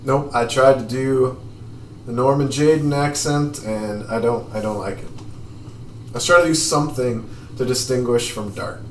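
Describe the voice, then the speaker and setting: A man's voice: mid-range voice, normal speed, slight background noise. A man casually narrating a video game playthrough, describing the action as he goes. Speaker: let's play narrator. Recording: echoey room, distant mic, faint music.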